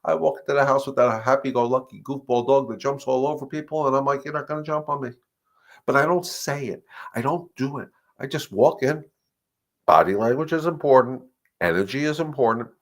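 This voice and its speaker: Earnest man coaching dog owners live. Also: medium pitch. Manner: earnest and emphatic, repeating points, acting out dogs and owners in quick asides. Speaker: dog trainer hosting a live Q&A. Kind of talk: live-stream advice talk.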